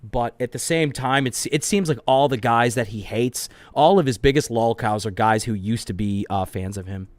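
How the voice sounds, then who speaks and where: A man's voice: medium pitch, moderate pace, few pauses, no room sound. Rambling, profane man in a dry recording. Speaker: commentator. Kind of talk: casual reaction commentary.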